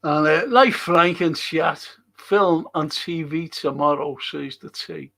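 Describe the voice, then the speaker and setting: A man's voice: a little high, takes it slowly, creaky, fairly bright tone. A man hosting a casual livestream, rambling as he reads viewers' chat comments aloud and swears now and then.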